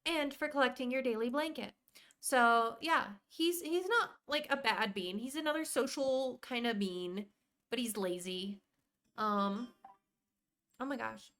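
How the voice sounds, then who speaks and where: A woman's voice: fairly high pitch, a little slow. Chatty woman streaming a game. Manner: chatty, rambling, warmly greets viewers by name. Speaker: live streamer. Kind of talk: casual live-stream chat while playing.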